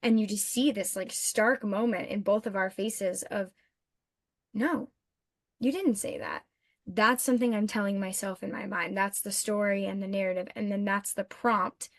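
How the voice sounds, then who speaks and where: A woman's voice: medium pitch, fairly even intonation, moderate pace, few pauses, dry recording, studio quality. A woman co-hosting a podcast, reflecting on and affirming what her guest said in a conversational way. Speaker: podcast co-host.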